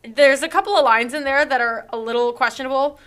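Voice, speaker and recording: A woman's voice: sits high, fast talker, fairly bright tone, clean tone. A woman in casual chat, reading poems aloud and picking them apart with wry, playful criticism. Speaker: co-host.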